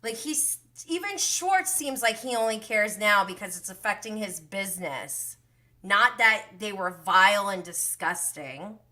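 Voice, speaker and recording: A woman hosting a casual reality TV recap livestream, animated and gushing, laughing often and swearing casually. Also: mid-range voice, measured pace.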